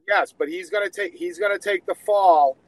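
A man's voice: high-pitched, normal speed, low-quality recording. A man calling in to a talk show who states his prediction in a confident, insistent way. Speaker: caller. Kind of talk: call-in opinion.

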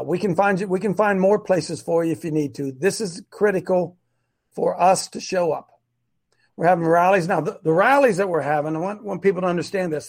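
This middle-aged live-stream host has a high-pitched, slightly mellow voice. He preaches in a fiery style, emphatic and repetitive, on his online show.

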